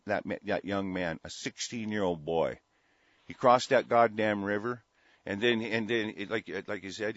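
A man hosting a talk show, delivering an angry, profane political rant in a heated, forceful way. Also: lowish voice, dry recording. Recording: dull, dry lo-fi sound.

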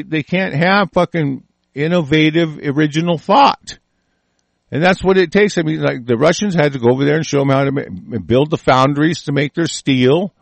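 A man's voice: fairly high pitch, gravelly, no room sound. A man delivering a heated, profane, rambling monologue with many restarts. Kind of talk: ranting monologue.

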